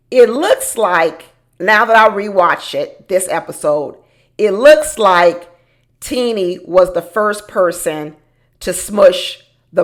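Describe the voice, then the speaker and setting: Woman doing a reality tv recap, talks like she's chatting with friends, opinionated. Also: lowish voice. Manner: chatty, opinionated, addresses viewers as y'all. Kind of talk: casual recap commentary.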